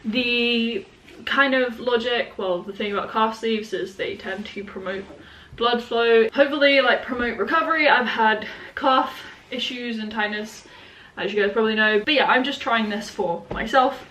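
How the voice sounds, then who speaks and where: A woman's voice: on the high side, normal speed, fairly bright tone, slight background noise. Chatty young woman vlogging. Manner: chatty, lots of likes and you knows. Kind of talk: casual vlog chat.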